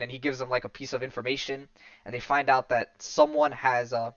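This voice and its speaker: A podcast host recaps a comic story in loose, casual chat, rambling with lots of "um"s, restarts and backtracking. His mid-range voice is fairly even, brisk and a bit bright. The lo-fi recording sounds dull, dry and close, with no room around it.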